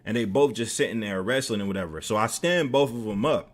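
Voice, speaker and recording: A man's voice: lowish voice, fast talker. A man streaming, telling a story in a casual, profane way with lots of fillers. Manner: animated, profane, many fillers.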